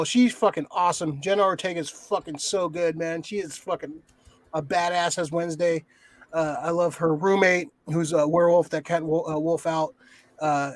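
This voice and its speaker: A man's voice: fairly high pitch, no room sound. A man co-hosting a casual podcast, rambling and swearing a lot, restarting his sentences often. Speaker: podcast co-host. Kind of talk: casual chat.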